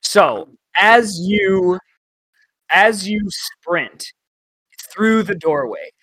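A man narrating a tabletop game as game master, in a chatty, halting way with many fillers. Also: high-pitched, expressive, fairly bright tone, slight background noise, poor audio.

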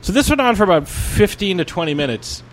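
A man's voice: sits high, sing-song, fast talker, a little hiss or hum. A man co-hosting a podcast, telling a story in a rambling, casual way, with many restarts and fillers. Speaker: podcast co-host.

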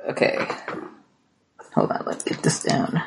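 A man's voice: unhurried, background noise. A man narrating as game master in a tabletop game, casual and full of fillers. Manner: casual, hesitant with many fillers.

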